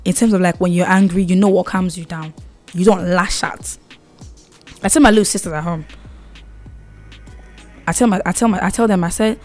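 A woman's voice: lowish voice, steady tone, moderate pace, pauses often, soft background music. A young adult woman talking casually to camera, giving advice in an emphatic way, often repeating herself and checking in with "okay?". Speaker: vlogger.

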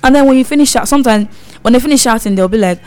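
A woman's voice: on the high side, rapid-fire, a little mellow, soft background music. A young adult woman talking casually to camera, giving advice in an emphatic way, often repeating herself and checking in with "okay?". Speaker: vlogger.

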